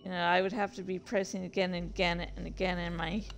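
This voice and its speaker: A woman's voice: on the low side, flat delivery, faint music behind. A woman hosting her own gameplay video, chatting casually and poking fun at herself as she plays. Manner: chatty, self-deprecating, slow and halting. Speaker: gaming channel host.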